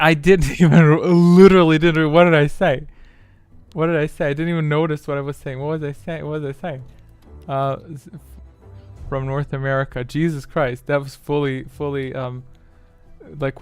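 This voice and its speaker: Gravelly-voiced man muttering through a stream. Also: a little high. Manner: mutters to himself, exasperated at the software. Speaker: streamer hosting a quiz. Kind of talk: casual live-stream chat.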